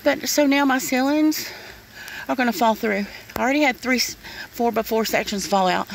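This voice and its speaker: A woman's voice: fairly high pitch, normal speed, creaky, a little hiss or hum, low-quality recording. A middle-aged woman, ranting bluntly and swearing in a casual outdoor vlog in the rain. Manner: upset, blunt, swears, says "honey" and "y'all". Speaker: vlogger. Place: outdoors in the rain by her yard.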